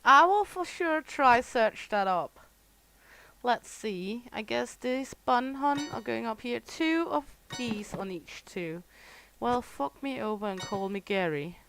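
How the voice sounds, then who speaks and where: This Danish woman, middle-aged and with a Danish accent, swears freely, laughs a lot and talks to chat while streaming a store game. Her gravelly voice sits on the high side, and the audio quality is rough.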